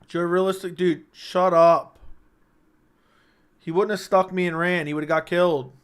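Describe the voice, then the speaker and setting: A man's voice: high-pitched, fairly even intonation, quick pace, clean tone. A young man hosting a late-night casual livestream, bantering with his chat in a brash, profane, joking way. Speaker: livestream host.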